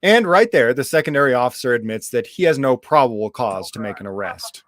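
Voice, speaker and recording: A man's voice: medium pitch, expressive, fairly quick, a bit bright. A man giving sarcastic, critical voice-over commentary on video footage.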